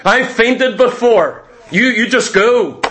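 A man's voice: very high voice, slow, fairly bright tone, slight background noise. A man preaching a fervent sermon, repeating phrases and calling out to the congregation as saints.

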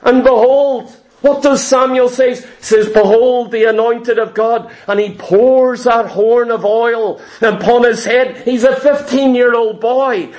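High-voiced man preaching emphatically. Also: fairly even intonation, a little slow, few pauses, darkish tone. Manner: emphatic, repetitive preaching cadence. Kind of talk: sermon.

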